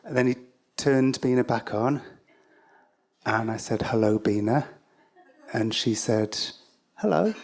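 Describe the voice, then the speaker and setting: A man's voice: medium pitch, steady tone, measured pace, long pauses. An English-accented man telling a personal story live, in a wry, self-mocking way with stop-start phrasing.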